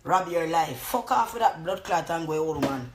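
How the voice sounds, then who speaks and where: A woman's voice: low voice, expressive, moderate pace, noisy background. A woman with a Jamaican accent telling a story as a heated, profane vlog rant. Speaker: vlogger.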